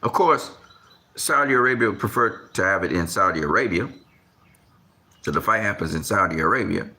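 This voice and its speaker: A man rants about boxing in a gravelly, sharp-edged voice. His pitch swings widely as he repeats himself in exasperation. The talk is loose and slangy, like a live stream. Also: animated, brisk. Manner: gets louder and higher when worked up. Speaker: boxing commentator.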